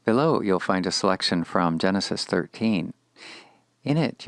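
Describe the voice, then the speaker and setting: A man teaching a Hebrew lesson in scripted narration, measured and deliberate, repeating each word for the learner. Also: deep voice, creaky, clean tone, dry recording.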